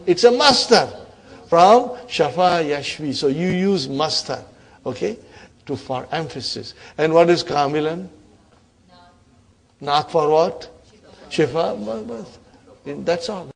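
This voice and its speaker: A middle-aged man teaching an Arabic grammar class, encouraging students and quizzing them with quick questions. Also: on the high side. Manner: quotes Arabic phrases slowly. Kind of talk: classroom lecture.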